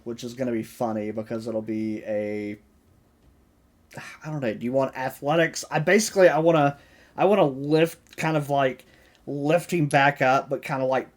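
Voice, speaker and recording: A man playing in a tabletop game, describing his moves hesitantly with many fillers. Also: mid-range voice. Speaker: player. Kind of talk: casual tabletop game play.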